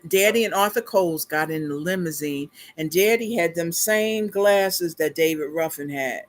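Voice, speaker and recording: A middle-aged woman hosting a casual livestream, telling a family story in a chatty, animated way, laughing along and calling her viewers y'all. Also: lowish voice. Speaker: beauty consultant livestream host.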